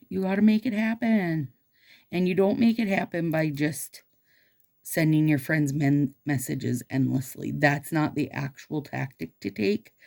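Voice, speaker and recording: A woman's voice: low-pitched, vocal fry, mellow. A woman vlogging about her nails, chatting casually and bubbly, talking straight to her viewers. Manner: bubbly, chatty, addresses viewers as "you guys". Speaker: nail stylist vlogger.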